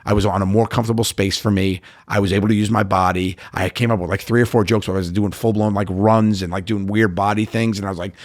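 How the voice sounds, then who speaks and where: A middle-aged comedian guest in a casual podcast interview, animated and storytelling, quoting himself and others. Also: male voice, lowish voice, fast talker, hardly any pauses, no echo, clean studio sound. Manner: animated storyteller, quotes himself and others, frequent "like" and "you know".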